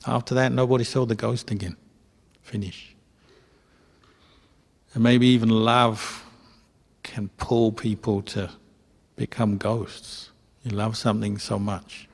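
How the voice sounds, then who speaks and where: A Buddhist monk gives a storytelling dharma talk at a retreat. His low, gravelly voice moves through short, plain phrases at an easy pace. The sound rings with the long reverb of a hall. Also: flat delivery, darkish tone. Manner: simple, clipped phrases, unhurried storytelling.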